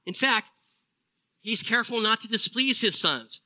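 A middle-aged male pastor preaching a sermon earnestly, slowing down to stress key phrases. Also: sits high, expressive, bright, forceful tone, low-quality recording.

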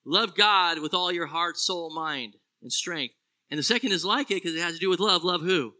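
Animated preaching man, bright high voice. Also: fairly quick. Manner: animated, swings from loud exclamations to hushed low phrases. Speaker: pastor. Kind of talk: sermon.

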